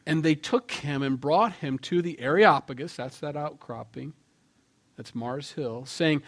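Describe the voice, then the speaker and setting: A man's voice: on the high side, measured pace. Man preaching a sermon in a conversational tone. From Norwegian heritage. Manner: conversational, with asides and sudden shifts between loud emphasis and quiet remarks. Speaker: pastor.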